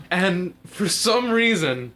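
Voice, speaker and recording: A man's voice: high-pitched, sing-song, extremely slow, sharp tone. A young man telling a long story to friends, rambling with lots of fillers and laughing through his words. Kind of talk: casual storytelling among friends.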